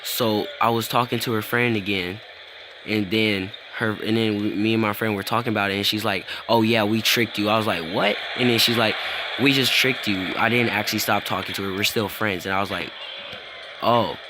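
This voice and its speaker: A man's voice: lowish voice, fairly quick. A teenage boy casually telling a rambling story, acting out both sides and filling it with "bro" and "like". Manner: rambling, animated retelling with lots of "bro" and "like". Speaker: vlogger. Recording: noticeable background noise.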